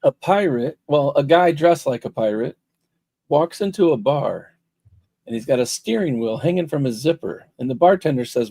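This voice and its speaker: A jokey man co-hosts a casual chat show, fond of dad jokes. His slightly high voice is gravelly and husky. The sound is dry and close, with no room echo. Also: lively intonation, moderate pace, mellow. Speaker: co-host.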